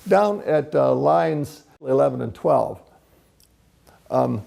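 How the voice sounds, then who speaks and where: A man lecturing on poetry with a very gravelly, husky voice and a dark, mellow tone. He explains things step by step and chants rhythms out loud to show them. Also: medium pitch, a little slow. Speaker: presenter.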